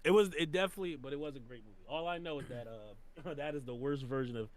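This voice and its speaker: A man's voice: mid-range voice, fast talker. A man co-hosting a casual podcast, talking animatedly and acting out quotes. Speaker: podcast co-host.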